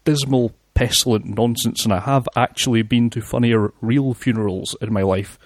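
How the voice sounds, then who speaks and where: A man's voice: medium pitch, steady tone, normal speed, no echo. A man reviewing films on the radio with scathing, dry sarcasm. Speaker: film critic. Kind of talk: film review chat.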